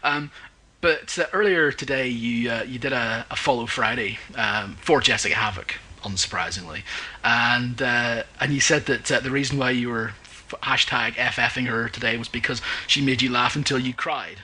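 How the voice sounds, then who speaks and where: A man's voice: mid-range voice, fairly even intonation, moderate pace, bright, forceful tone, a little hiss or hum, poor audio. A man hosting a podcast, asking questions in a rambling way full of fillers. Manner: rambling, many fillers and restarts, plugs events. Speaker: podcast host. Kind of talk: casual podcast interview.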